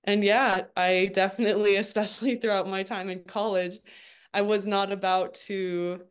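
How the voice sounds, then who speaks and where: Woman, thirties, smooth clear voice, mid-pitched, chatty, laughs often, lots of "like", interview guest. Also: flat delivery, normal speed. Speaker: guest, registered dietitian. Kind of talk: casual interview storytelling.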